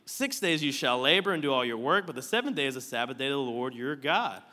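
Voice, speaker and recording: A man with a medium-pitched, expressive voice preaches fast, sounding pushed and bright. The pastor's sermon is conversational and playful, with joking asides to the congregation in a church auditorium with slides, recorded with long hall reverb.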